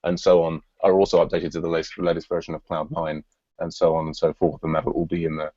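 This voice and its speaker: A man's voice: rumbling low, flat delivery, quick pace, mellow, no room sound, muffled recording. A man hosting an online work meeting, thinking aloud with frequent restarts and fillers. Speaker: meeting host. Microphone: video call.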